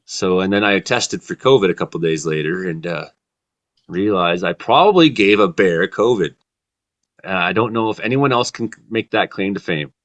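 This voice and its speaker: A man hosting a comedy talk show, telling rambling deadpan stories in a casual chat. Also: sits low, normal speed. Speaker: comedy weather show host.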